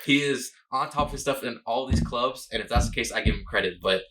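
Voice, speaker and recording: A man's voice: mid-range voice, fast, crowd noise, poor audio. A young man, a podcast co-host, telling a long story in casual chat with lots of fillers and restarts. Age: young adult. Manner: rambling storyteller, many fillers.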